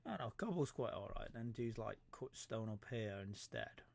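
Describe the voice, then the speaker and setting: Guy streaming a survival game, gravelly voice, lots of pitch swings, mock-stern scolding, noisy audio. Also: animated, normal speed. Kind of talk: casual gameplay commentary.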